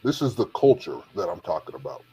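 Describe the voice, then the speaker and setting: A man's voice: deep voice, big pitch swings, fairly quick, dark tone, slight background noise. A man co-hosting a podcast, making his points emphatically in a casual discussion. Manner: argumentative, emphatic. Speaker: podcast co-host. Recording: lo-fi dull sound.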